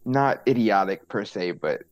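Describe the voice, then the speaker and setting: A man with a fairly low voice looks back on his writing in a relaxed chat. He talks reflectively, with frequent fillers and loose phrasing. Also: a little slow, dry recording. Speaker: writer. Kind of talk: casual chat.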